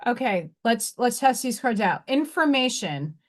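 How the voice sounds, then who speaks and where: Her voice is a little high and sing-song, and she's in no hurry as she hosts a casual live stream and reads oracle cards. With her Staten Island, New York accent, she talks frankly, swears casually, and frequently restarts what she's saying.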